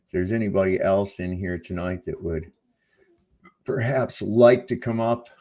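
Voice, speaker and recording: A man with a very low, deep voice hosting a casual livestream. He rambles loosely and swears freely, leaning on plenty of ums and uhs between thoughts. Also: unhurried, a little mellow. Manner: rambling and profane, with frequent fillers. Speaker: livestream host.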